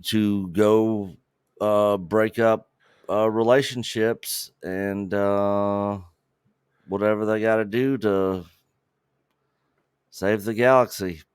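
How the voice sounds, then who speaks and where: A man co-hosting a casual review chat, slow and hesitant with many fillers. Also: on the low side, fairly even intonation, clean tone, no room sound, clean studio sound. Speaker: co-host of a TV review show.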